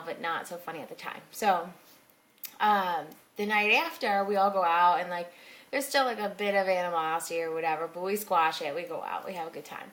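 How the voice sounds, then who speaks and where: A woman's voice: fairly low pitch, a bit bright. A young woman telling a rambling personal story in a casual vlog, full of fillers and asides. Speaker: blogger telling personal stories.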